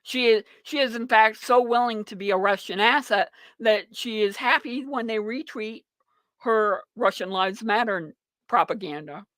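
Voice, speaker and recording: A man's voice: high-pitched, normal speed, fairly bright tone, no room sound. A man hosting a live talk radio show, giving blunt, opinionated news commentary in a rambling way full of ums and uhs.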